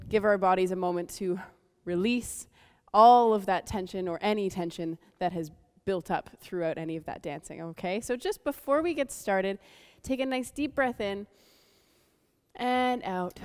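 A woman guiding a cool-down, leading breathing and slow stretches in a gentle way. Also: medium pitch, clear, resonant tone, long reverb tail. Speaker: dance instructor. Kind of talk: calm cool-down stretching instruction. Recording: loud music playing underneath. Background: loud music.

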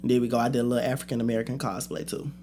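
A young adult woman with an extremely low, mellow voice talks very fast while hosting her own podcast. In this casual solo rant she's blunt and profane, trailing off and restarting her thoughts.

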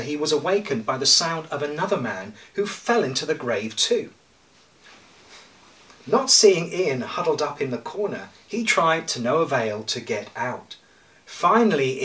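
A male priest preaching a sermon in a church, his bright voice heard from some distance. He speaks in a measured way, with pauses and light humour. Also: on the high side.

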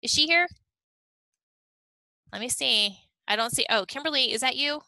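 A woman's voice: high-pitched, moderate pace, bright, forceful tone, no echo, rough recording. A woman leading a team meeting on a video call, upbeat and chatty, checking in often with "okay?". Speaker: team leader.

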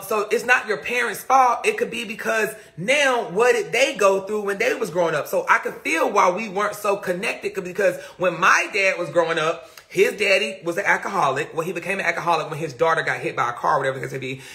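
A man with a high, sharply bright voice tells a story on a live stream. He is animated and laughs as he goes, talking straight to his viewers. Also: brisk.

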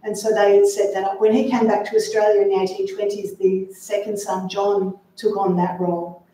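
A woman author speaking to a library audience, lively and chatty with wry asides, recorded from far off in an echoey room. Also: medium pitch, normal speed. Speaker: author giving a library talk. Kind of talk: talk and audience Q&A.

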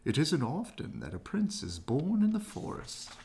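A man voicing a sleepy old male owl in a storybook read-aloud, slow and drowsy. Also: on the high side, huge pitch swings, dark tone, pitched above the performer's own voice.

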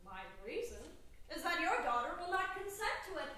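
A very high, bright voice of a cheeky young serving girl, as an actress plays her, quick to tease and stand her ground. The sound is a live stage play caught from far back in a roomy black box theater. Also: very animated, full character voice. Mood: coaxing. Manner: teasing, mock-soothing, cheeky. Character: bold, sharp-tongued young female servant. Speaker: stage actor. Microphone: distant room mic.

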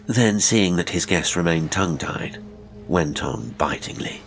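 A man narrating a classic horror story in a measured, dramatic way. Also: sits low, sing-song, vocal fry, faint music behind. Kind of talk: scripted audiobook narration.

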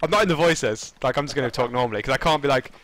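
A young man chatting casually while streaming a game, excitable, swearing and laughing often. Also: mid-range voice, rapid-fire. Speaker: gaming streamer. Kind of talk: casual gameplay chat.

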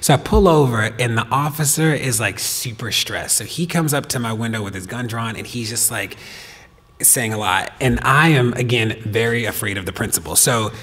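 A man telling a personal story to a host on stage, animated, laughing often and talking with lots of fillers. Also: medium pitch, normal speed, husky. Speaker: podcast guest. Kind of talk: storytelling in a live talk. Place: stage of a performance venue. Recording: long reverb of a hall.

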